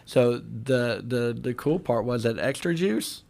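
A man with a gravelly, creaky voice, telling stories in a studio podcast chat. He jumps into quoted voices and puts real feeling into them, and his pitch sits in the middle range for a man. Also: slow. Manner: animated storyteller acting out quoted voices. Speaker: podcast guest. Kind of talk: casual storytelling chat.

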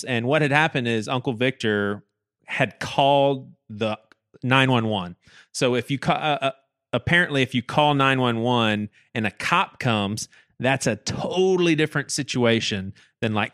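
A man of middle pitch tells a personal story on a casual podcast. He is animated, repeats and restarts his words, and acts out what people said. His voice is recorded close and dry, with no room sound. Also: a little slow, smooth, no echo.

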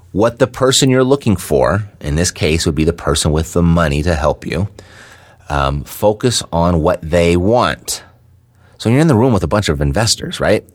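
A man explaining real estate investing in a relaxed teaching talk, often checking in with "right?". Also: low voice. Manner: conversational, checks in with "right?" often, some fillers.

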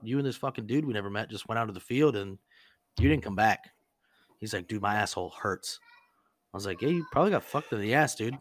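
A man's voice: on the low side, lively intonation, quick pace, no room sound. A man casually telling a crude prank story on a podcast, rambling and profane, full of "like" and acted-out quotes.

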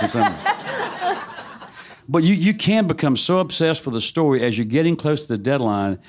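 A man's voice: on the high side, animated, normal speed, background noise. A middle-aged man, a novelist telling wry, self-deprecating stories in a casual onstage conversation. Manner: wry storytelling, laughs at himself. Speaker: novelist on a panel.

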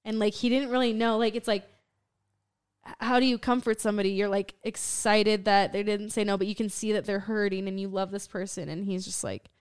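A young woman chatting on a podcast, her voice smooth and resonant, recorded close and dry. She tells a long personal story in a loose, filler-heavy way, often trailing off into a quiet low voice. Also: fairly even intonation, brisk, dry recording. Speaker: podcast co-host. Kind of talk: casual chat.

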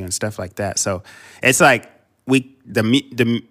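A man's voice: mid-range voice, measured pace, a bit bright. A man co-hosting a podcast in casual chat, easygoing and reflective, often hesitating over his words. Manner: easygoing, reflective, many fillers. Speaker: podcast co-host.

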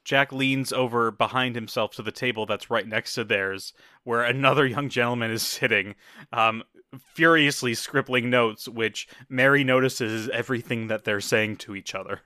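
Bright-voiced man narrating a comedy scene. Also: medium pitch, steady tone, moderate pace, no echo, clean studio sound. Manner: casual, loose, with fillers.

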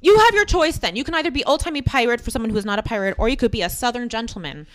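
Woman podcast host telling history stories, chatty, lively up and down voice. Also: fairly high pitch, rapid-fire. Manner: chatty, with frequent "um" and asides. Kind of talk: casual history storytelling.

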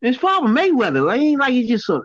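A man's voice: very high voice, fairly quick, dry recording, dull audio. A man co-hosting a casual chat, riffing in street slang and laughing in disbelief. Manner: animated, laughing, incredulous outbursts in slang.

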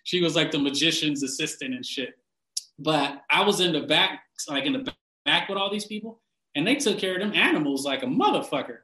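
A man ranting casually and bluntly, swearing constantly, laughing often and getting animated when he mocks people. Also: on the high side, brisk, roomy sound, poor audio. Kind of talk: casual profane rant.

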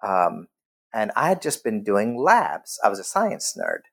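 A middle-aged man, a scholar, telling his own story in a casual way. He is animated and laughs often, and his pitch jumps high when he quotes himself. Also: measured pace, creaky.

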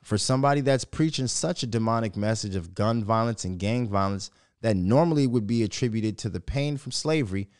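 A man's voice: medium pitch, darkish tone, no room sound, studio quality. A man hosting his own solo podcast, ranting in a profane, rambling, opinionated way. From Minnesota. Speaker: podcast host. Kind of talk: casual solo podcast rant.

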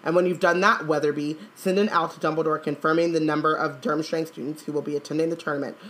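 A woman's voice: deep voice, fairly even intonation, fast talker, a bit bright. A woman reading aloud and voicing an older male official who mutters orders to no one and then pleads in frantic bursts. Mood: muttering.

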